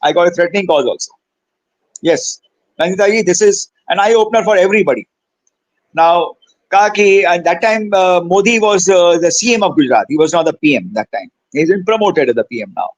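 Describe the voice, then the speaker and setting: A man's voice: high-pitched, expressive, brisk, no echo, low-quality recording. An older man with an Indian English accent telling his own story in an interview, acting out the dialogue and switching between English and Hindi. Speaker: senior cardiologist, interview guest. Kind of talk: animated personal storytelling.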